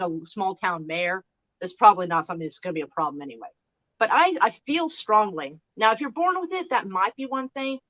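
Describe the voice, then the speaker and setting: A woman's voice: medium pitch, bright, forceful tone. Woman live-streamer from Oklahoma, casual and rambling, slightly dull mic. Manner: rambling, frank, trails off and restarts.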